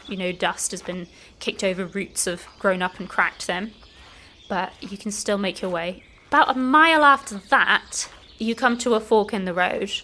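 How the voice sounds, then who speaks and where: A woman's voice: medium pitch, slight background noise. Woman game master narrating a forest trek. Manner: relaxed, descriptive, frequent "like" fillers.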